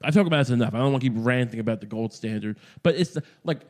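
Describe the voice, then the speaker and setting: A man's voice: mid-range voice, racing, darkish tone. Rambling, profane male podcast host. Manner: profane, meandering, self-interrupting. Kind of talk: rambling comedic monologue.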